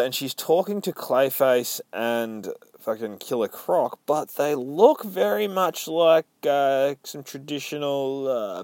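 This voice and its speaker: A man's voice: mid-range voice, darkish tone, clear, resonant tone, dry recording. A man recapping a comic book in casual chat, swearing constantly and acting out the characters' lines.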